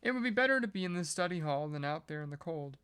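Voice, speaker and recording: A podcast reader reading a novel aloud at a measured pace, breaking off now and then for casual joking asides. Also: medium pitch, lively intonation, fairly bright tone, clear, resonant tone.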